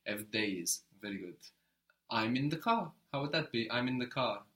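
A man teaching a one-on-one language lesson, explaining patiently and often checking with a quick question. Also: medium pitch, animated, a bit bright.

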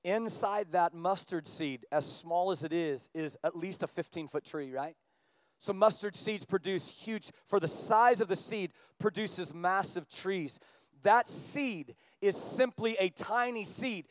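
A high-pitched man preaching a sermon, swinging from quiet, low stretches up to loud, climbing passages. His voice is close and dry, with little room sound around it. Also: unhurried, no room sound. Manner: animated preaching, rising in pitch and volume as he builds. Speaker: pastor.

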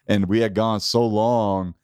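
Male comedian guest, lowish voice, calm and reflective, dry close sound. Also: a little slow, clean tone, no echo. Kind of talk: casual chat.

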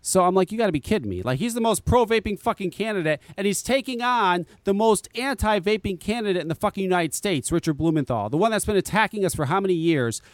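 A man's voice: high voice, animated, fast, hardly any pauses, dry recording. A man on a podcast chatting casually and ranting in an exasperated, profane way. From Connecticut, US. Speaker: podcast co-host, vape shop owner.

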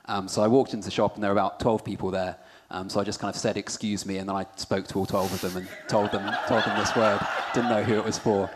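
A man's voice: on the low side, flat delivery, quick pace, few pauses, big-room sound, a little hiss or hum. A man hosting a church conference, upbeat and self-deprecating as he shares his own story. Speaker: conference host.

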